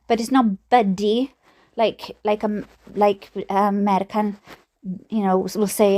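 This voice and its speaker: A woman's voice: medium pitch, flat delivery, slow pace, a little mellow. A Welsh woman reading a book aloud and breaking off for chatty, giggly asides about her own memories. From Wales. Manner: giggly, often breaks into laughter. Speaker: reader and streamer.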